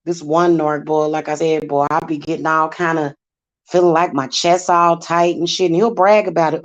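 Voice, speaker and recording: A woman's voice: deep voice, fairly even intonation, moderate pace. A woman, hosting a casual, sassy monologue with many fillers. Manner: chatty, sassy, repetitive fillers. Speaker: spiritual channel host. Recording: dull lo-fi sound.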